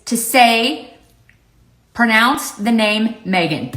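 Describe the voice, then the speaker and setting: A woman's voice: medium pitch, expressive, moderate pace, fairly bright tone, roomy sound. A woman from Pittsburgh with a slight Southern touch to her accent, telling a comic story to camera in a casual, exasperated way. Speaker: lifestyle vlogger.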